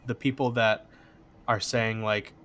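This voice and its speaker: A man's voice: lowish voice, little pitch movement, measured pace, a bit bright, slight background noise. A man speaking as a podcast guest in casual chat, rambling with frequent fillers. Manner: rambling, heavy use of "like".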